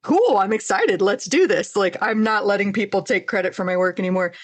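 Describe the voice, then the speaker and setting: A woman's voice: mid-range voice, brisk. A woman hosting an interview podcast, talking in a candid, conversational way. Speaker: podcast host. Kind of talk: casual interview chat.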